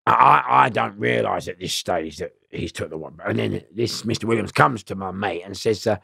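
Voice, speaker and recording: A man's voice: lowish voice, normal speed, vocal fry, pushed and bright, breathy edge, no room sound, studio quality. A middle-aged man, telling rambling, slangy prison stories in a casual interview, swearing and laughing often.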